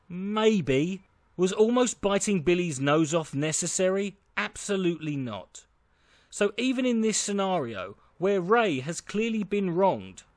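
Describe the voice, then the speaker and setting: A man's voice: high-pitched, dry recording. Man narrating a film review. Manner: measured, uses rhetorical questions.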